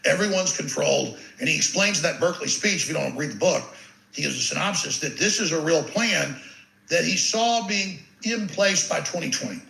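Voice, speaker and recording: A man's voice: fairly high pitch, vocal fry, bright, forceful tone. A man giving an impassioned monologue as an interview guest, intense and ranting, often stumbling on repeated words as he pushes ahead. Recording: roomy echo.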